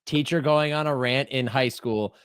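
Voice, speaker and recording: A man's voice: medium pitch, moderate pace, a bit bright, clean tone, dry recording, clean studio sound. A man co-hosting a sports podcast, teasing his co-hosts in casual banter. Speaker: podcast co-host.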